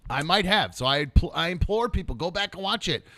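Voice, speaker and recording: Lively casual male podcast host. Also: sits high, brisk, no room sound. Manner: animated, mock game-show hosting; coos softly over his dog. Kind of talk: casual chat.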